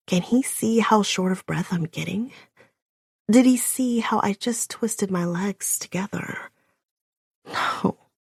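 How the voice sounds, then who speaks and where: Husky, creaky woman narrating slowly. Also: fairly low pitch, darkish tone, no room sound, clean studio sound. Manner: breathless, often dropping to a whisper. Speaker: audiobook narrator. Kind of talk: first-person audiobook narration.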